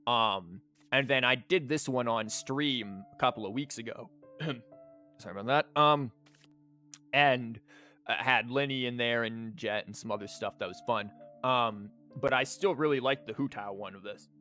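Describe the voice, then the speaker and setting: A man's voice: mid-range voice, moderate pace, bright, forceful tone. A man with a sore throat, chatting casually as he comments on a card game, rambling with fillers. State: sore throat, losing his voice. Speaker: streamer and teacher. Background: game music.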